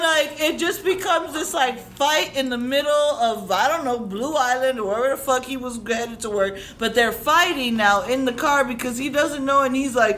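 A young woman from Chicago telling a personal story on stage, animated and profane, acting out the voices she quotes. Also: on the high side, normal speed, a little hiss or hum. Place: stage before a live audience.

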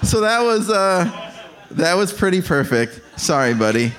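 A man's voice: high-pitched, sing-song, unhurried, crowd noise. A man hosting a live podcast show on stage, joking and laughing with the performers. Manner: upbeat, laughing banter with guests. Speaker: host. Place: live venue with audience.

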